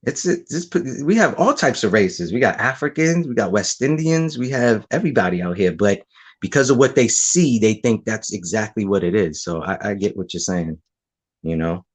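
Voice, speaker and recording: Animated Boston man in casual chat. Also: lowish voice, moderate pace. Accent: Boston Black vernacular. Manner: animated, repeats "correct" often. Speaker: co-host.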